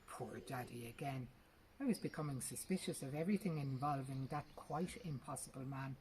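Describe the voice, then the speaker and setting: A woman reading a short story aloud in a lively, expressive first-person narration. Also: very deep voice, normal speed, rough recording. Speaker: reader.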